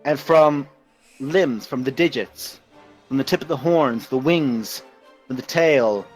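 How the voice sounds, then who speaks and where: A man's voice: mid-range voice, slow, soft background music. A man running a tabletop role-playing game as game master, narrating scenes in vivid detail.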